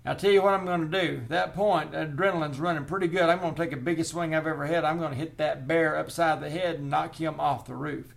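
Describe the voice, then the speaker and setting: Guy putting on a loud cocky country bear-catcher guy, gravelly, pushy sales talk. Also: a little high, normal speed, pitched above the performer's own voice. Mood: boastful. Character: brash country male bear-removal man, boastful.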